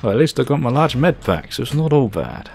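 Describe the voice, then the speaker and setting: A man doing excitable, jokey let's play commentary over a horror game, swearing often. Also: medium pitch, a little fast, creaky, soft background music. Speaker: gaming commentator.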